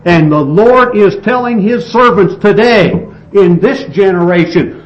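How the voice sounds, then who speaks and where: A man preaching a sermon, reading scripture and expounding it with slow, emphatic delivery and some restarts. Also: high-pitched, expressive. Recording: dull lo-fi recording with faint hiss.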